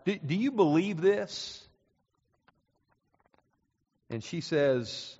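A male pastor preaching a sermon, moving from quiet, slow passages to loud, climactic ones. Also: high voice, lively intonation, husky. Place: church sanctuary. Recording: dull sound with long reverb in a hall.

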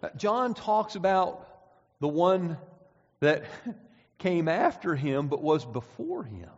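High-voiced preacher in an echoing hall. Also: male voice, big pitch swings, slow pace. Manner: emphatic, rising and falling, reads scripture aloud. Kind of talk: sermon with scripture reading. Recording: dull sound with long hall reverb.

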